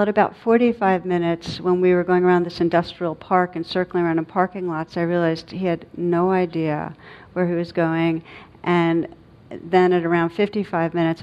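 Halting, reflective woman giving a dharma talk. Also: fairly low pitch, steady tone, a little mellow. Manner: reflective, halting storytelling with many fillers. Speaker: meditation teacher. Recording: dull lo-fi recording.

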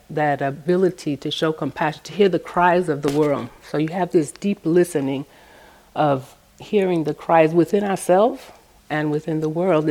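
Gentle low-voiced woman giving a dharma talk. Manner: gentle, storytelling, acts out quoted voices. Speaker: meditation teacher. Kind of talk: dharma talk with personal stories.

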